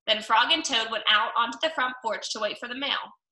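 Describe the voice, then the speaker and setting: A woman reading a children's storybook aloud in a clear, steady, gentle manner, in a roomy room with the mic at a distance. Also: fairly high pitch, brisk. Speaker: storybook reader.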